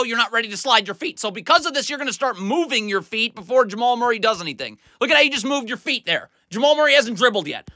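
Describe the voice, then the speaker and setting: Male film-breakdown commentator: blunt, scolding, forceful and bright, on a dry close mic. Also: extremely high pitch, dry recording. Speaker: basketball film analyst.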